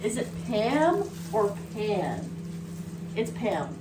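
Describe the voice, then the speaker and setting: A woman's voice: medium pitch, a little slow, long pauses, background noise. A woman vlogger chatting casually and playfully on a handheld phone, outdoors on a seaside cliff. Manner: chatty, playful, talks to her dog. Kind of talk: casual vlog narration.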